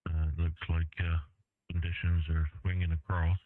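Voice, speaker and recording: A man's voice: deep voice, flat delivery, moderate pace, no room sound, narrow, tinny audio. An English man chatting casually over ham radio, laid-back and rambling with lots of fillers. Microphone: radio transceiver mic. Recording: thin radio transmission audio.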